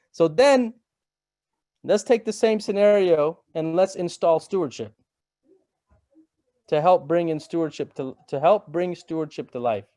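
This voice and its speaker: A man's voice: a little high, measured pace, long pauses, mellow, no room sound. A middle-aged man giving a webinar presentation in a casual, conversational way, repeating phrases and checking in with "right?".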